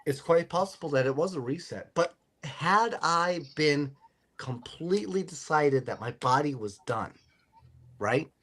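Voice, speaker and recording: Man, podcast host, fairly high voice, bright tone, joking, rambling. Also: animated, measured pace. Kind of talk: casual chat.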